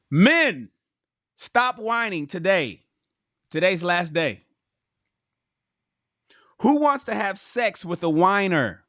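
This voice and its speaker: High-voiced and slow, with long pauses, a man reads a relationship book aloud during a livestream. The audio is studio quality with no echo, and his animated, profane asides are emphatic and aimed squarely at his viewers.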